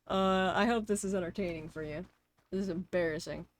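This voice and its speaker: A woman streamer casually commenting on her gameplay in soft, muttered asides. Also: fairly low pitch, fairly quick.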